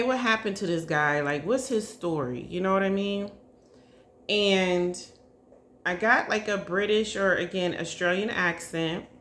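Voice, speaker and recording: A woman's voice: lowish voice, a little hiss or hum. A woman giving a casual psychic reading to her viewers, chatty and hesitant, often checking in with "okay?" and "y'all". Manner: hesitant, full of hedges and fillers. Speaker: psychic reader. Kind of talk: casual spiritual reading to camera.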